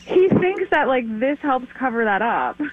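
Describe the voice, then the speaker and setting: A woman calling into a radio show, excited and giggly as she explains a prank for her husband. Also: high-pitched, unhurried. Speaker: caller. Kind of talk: phone call with a radio host. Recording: tinny phone line with faint hum.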